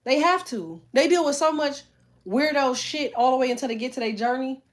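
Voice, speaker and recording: High-pitched and a little fast, a middle-aged woman runs a tarot livestream, speaking directly and casually to viewers. As the reader and host, she's blunt, emphatic, and swears freely.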